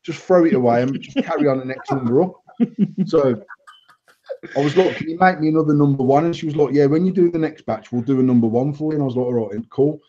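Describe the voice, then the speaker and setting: A man's voice: a little high, fast. A man, host of a casual banter show, telling blunt, sweary stories. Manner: sweary storytelling, lively and blunt. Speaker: host and vape company owner. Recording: dull lo-fi live stream audio.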